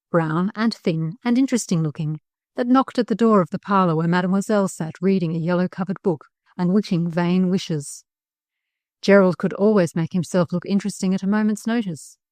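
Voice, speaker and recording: A woman narrating a storybook audiobook in a measured, expressive reading. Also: on the low side, no echo, clean studio sound.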